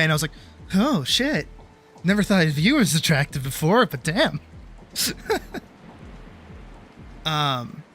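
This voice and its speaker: A man's voice: on the high side, bright, forceful tone. A man chatting casually on a livestream, rambling and apologetic, with casual swearing. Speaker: streamer.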